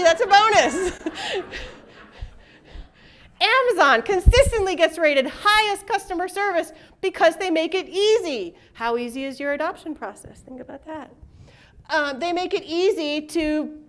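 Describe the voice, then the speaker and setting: Middle-aged lady presenting at a conference, high voice, chatty and jokey, does little voices for people. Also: fairly bright tone. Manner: chatty, jokey, with quick asides and laughs; acts out quoted people in shifting voices. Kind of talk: casual conference talk. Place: conference room with live audience.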